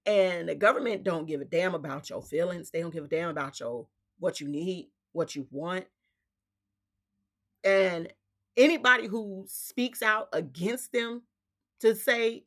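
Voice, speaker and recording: A woman's voice: lowish voice, animated, measured pace, pushed and bright. A woman hosting her own spiritual vlog, talking in a fiery, emphatic way and firing off rhetorical questions in casual slang. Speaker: vlog host. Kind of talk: impassioned spiritual vlog monologue.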